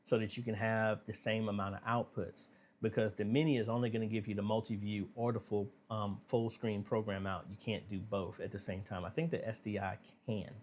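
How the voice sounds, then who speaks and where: A man's voice: lowish voice, brisk, a little hiss or hum. Easygoing man hosting a live Q&A. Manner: relaxed, conversational, frequent fillers, reads viewer questions aloud. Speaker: livestream Q&A host. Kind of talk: casual livestream Q&A.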